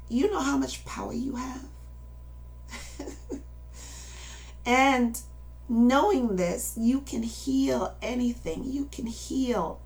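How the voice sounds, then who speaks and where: A woman in her late fifties giving an impassioned, emotional personal testimony and urging listeners to act. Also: on the high side. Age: 50s. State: emotional, near tears at times. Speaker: activist speaking to viewers.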